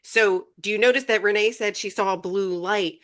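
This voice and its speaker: Animated woman podcast co-host. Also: mid-range voice, normal speed. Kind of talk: casual spiritual chat.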